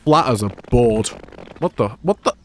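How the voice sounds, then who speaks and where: A man's voice: medium pitch, expressive, normal speed. A man, streaming a game and rambling crude jokes at home. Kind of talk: gameplay live stream commentary.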